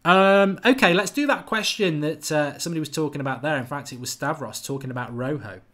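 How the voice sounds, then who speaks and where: A man's voice: on the high side, fairly bright tone. Chatty man hosting a live quiz. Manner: chatty and quick, reads out names and answers. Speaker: football channel host running a live quiz. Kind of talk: live-stream chat reading viewer comments.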